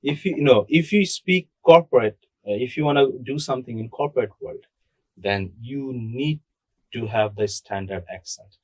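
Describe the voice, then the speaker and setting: A man's voice: medium pitch, moderate pace, breathy edge, no echo. A young man from Bangladesh, talking casually on a podcast and making his points emphatically with rhetorical questions. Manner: emphatic, asks rhetorical questions and answers them. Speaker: podcast co-host. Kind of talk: casual discussion.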